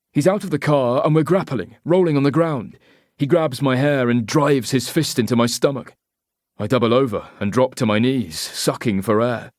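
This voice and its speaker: A man narrating a thriller audiobook in first person, measured and tense with short clipped phrases. His voice sits at an ordinary pitch, and the reading is close and dry with no room sound. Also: darkish tone, no echo.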